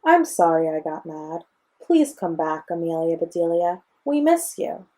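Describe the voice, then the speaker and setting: A woman's voice: on the low side, very animated, a little slow, warm tone. A young woman reading as an apologetic storybook housewife. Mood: pleading.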